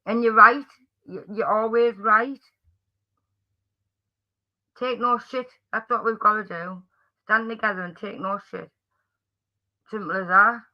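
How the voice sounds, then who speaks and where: Chatty Geordie man, high voice. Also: steady tone, measured pace, pauses often, highs cut off. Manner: chatty, friendly, rambling with restarts. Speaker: livestream host. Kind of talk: casual livestream chat greeting viewers.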